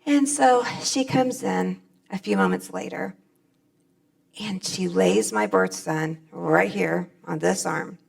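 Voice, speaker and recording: Gravelly low-voiced woman telling her story. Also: little pitch movement, takes it slowly. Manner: storytelling, plainspoken and folksy. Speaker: convention speaker. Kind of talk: personal testimony speech. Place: stage at a convention.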